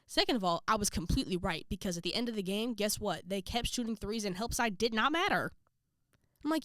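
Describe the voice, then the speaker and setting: A young woman vlogging, casually telling a story to her viewers and acting out quotes with jumps in pitch. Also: quick pace, a bit bright, no echo, clean studio sound.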